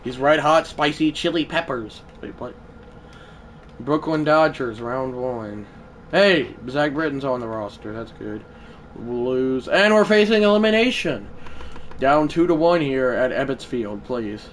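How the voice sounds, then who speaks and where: A man livestreaming a baseball video game, chatting to viewers and shouting when big hits land. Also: medium pitch, measured pace, slight background noise. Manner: excitable, swings from mumbled asides to shouted play calls. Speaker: gaming livestreamer. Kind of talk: live gameplay commentary.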